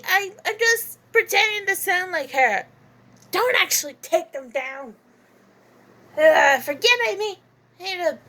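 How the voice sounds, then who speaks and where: Her voice is extremely high, expressive, bright, and forceful, moving a little slowly with long pauses. As a channel host doing a casual voice-acting demo, she talks hesitantly about voicing game characters, giggling often and filling gaps with fillers.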